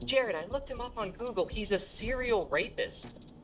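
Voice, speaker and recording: A man voicing a blunt, worried mother who scolds her grown son in a high, insistent voice. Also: animated, moderate pace, faint music behind, natural voice. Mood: alarmed.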